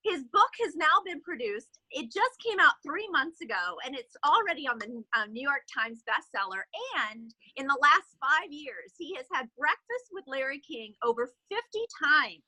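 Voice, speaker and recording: A woman sales director telling a motivational story in an animated way, with fillers, on a video call. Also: sits high, dry recording, rough recording.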